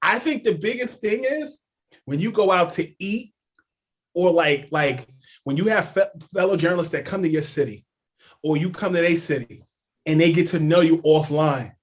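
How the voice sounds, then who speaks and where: Guy on a podcast, kinda high voice, telling stories fast and loose, lots of "like" and "yo". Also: breathy edge. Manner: animated anecdotes full of "like" and "yo". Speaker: podcast guest, sports journalist. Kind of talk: casual podcast storytelling.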